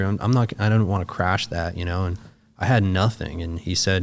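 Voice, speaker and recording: A man's voice: low-pitched, brisk. A young man, a podcast guest, telling a personal story in casual talk, emotional and profane, acting out the other people's lines as he goes. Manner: emotional, profane, animated retelling with quoted dialogue.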